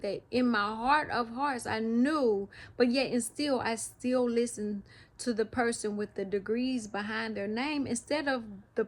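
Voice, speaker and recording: A woman talking through her feelings in a personal vlog, halting and emotional, often restarting her sentences and speaking of her faith. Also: fairly high pitch. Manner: faith-filled, speaks of God. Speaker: vlogger.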